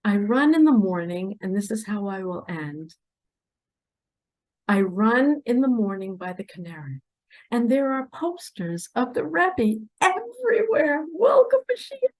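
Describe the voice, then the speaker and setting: Impassioned woman with a lively, swooping voice. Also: medium pitch, measured pace. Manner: impassioned, swings between loud pleas and hushed asides. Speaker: self-described spiritual messenger. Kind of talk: emotional monologue to camera.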